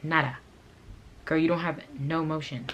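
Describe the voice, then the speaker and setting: A woman with a low, heavy voice tells a storytime on her channel. She runs her own clothing brand, and her talk is blunt, profane and heated. Faint background noise sits under her voice. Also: fairly even intonation, normal speed, lo-fi sound. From from a Haitian family. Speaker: vlogger and clothing brand owner. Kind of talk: storytime rant to camera.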